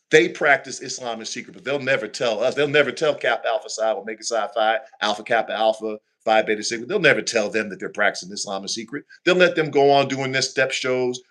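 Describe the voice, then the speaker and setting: A man, a minister, telling a personal story on a talk show in a lively, preacherly way. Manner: animated, preacherly, shifting pitch for emphasis.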